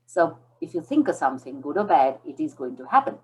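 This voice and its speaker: A woman's voice: sits low, big pitch swings, a little fast, husky, highs cut off. A woman in her forties from India, telling her story as an interview guest and acting out the dialogue in it. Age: 40s.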